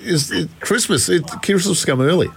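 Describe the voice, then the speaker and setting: A man's voice: sits high, moderate pace, gravelly. A man hosting a radio chat, asking questions and teasing his guest. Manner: jokey, teasing interviewer. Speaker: radio host.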